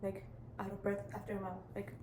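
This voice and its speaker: Teen girl vlogger, flat delivery, rambling and chatty, echoey room with steady background noise. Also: mid-range voice, fast. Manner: rambling, chatty, many restarts and "like" fillers. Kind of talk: casual advice vlog.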